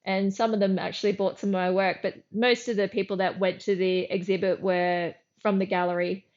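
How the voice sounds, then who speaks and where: Speaking briskly at a medium pitch, a middle-aged Australian woman, here as a guest artist, recounts lively anecdotes in a casual interview. She dramatizes her own lines and often restarts her sentences, and the sound quality is lo-fi.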